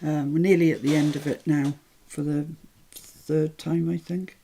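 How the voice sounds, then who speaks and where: A woman's voice: deep voice, fairly even intonation, measured pace, gravelly, warm tone, slight background noise. An English woman hosting a live craft tutorial, chatting and thinking aloud as she works, with self-deprecating asides. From England.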